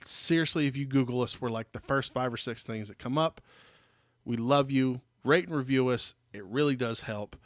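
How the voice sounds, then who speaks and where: A man's voice: medium pitch, normal speed, dry recording. Dad podcast guy, rambly and jokey, dry close mic. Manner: rambling, filler-heavy, joking dad. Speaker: podcast co-host. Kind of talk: casual podcast chat. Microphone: studio microphone.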